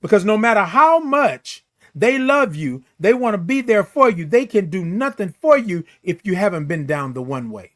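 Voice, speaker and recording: Speaking at normal speed with a high, very animated voice, a middle-aged morning live show host gives a forceful, sermon-like pep talk. He keeps repeating key phrases and reads out viewer comments.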